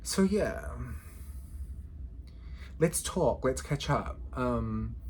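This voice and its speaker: Lively, chatty man in his thirties. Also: medium pitch, very slow, a little hiss or hum. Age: 30s. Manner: chatty, playful, slangy, laughs often. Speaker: law student vlogger. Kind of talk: casual chat to camera.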